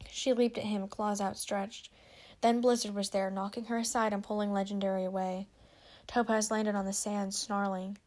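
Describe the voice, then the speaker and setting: Woman reading a story out loud, steady and clear, voices for the characters. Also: medium pitch, moderate pace. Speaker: reader.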